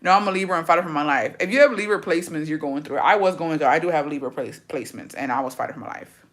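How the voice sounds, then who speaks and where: A woman's voice: low voice, very fast. Brash, profane young woman streamer. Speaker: livestreamer. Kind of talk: casual chat answering viewer comments.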